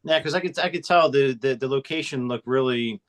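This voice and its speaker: A man hosts a casual interview, eager and admiring. He stumbles and restarts as he talks. His voice sits at an ordinary middle pitch. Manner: enthusiastic, halting with restarts. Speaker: podcast host.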